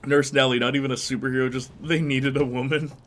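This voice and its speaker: A man's voice: medium pitch, flat delivery, quick pace, a bit bright. A man commentating over gameplay in a joking, playful way, laughing often. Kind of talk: let's play commentary.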